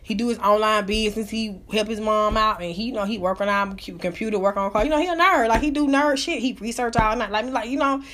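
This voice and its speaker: High-voiced woman ranting, profane and hype. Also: fast, few pauses, fairly bright tone, a little hiss or hum. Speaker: live-stream host. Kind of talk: casual ranting storytelling.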